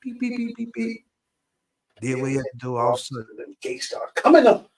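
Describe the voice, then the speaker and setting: Male guest, animated storyteller, somewhat husky, expressive pitch. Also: brisk, poor audio. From Mississippi. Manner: repeats and acts out his own quoted lines.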